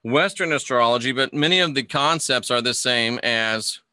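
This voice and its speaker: A man runs a casual livestream lesson on astrology, his medium-pitched voice sharp in tone and moderate in pace. The sound is studio quality, free of room sound. Chatty by nature, he reads viewer comments aloud and frequently stumbles, then restarts.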